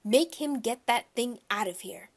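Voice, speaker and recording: A woman voicing a stern, pompous older man who booms his words. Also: slow, vocal fry. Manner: booming and pompous.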